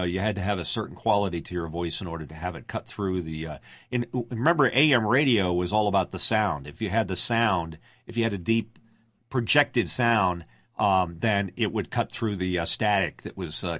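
An older man who works as a radio announcer and voiceover artist, from Delaware, talking in a deep, resonant announcer voice with lots of fillers. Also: fairly quick, a bit bright, no echo. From Delaware, USA. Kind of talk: casual interview.

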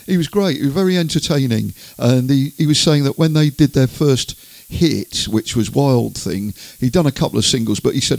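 A man's voice: mid-range voice, fairly quick, creaky, darkish tone, no room sound. An older English man presenting a radio show, telling rambling anecdotes between records with chuckles.

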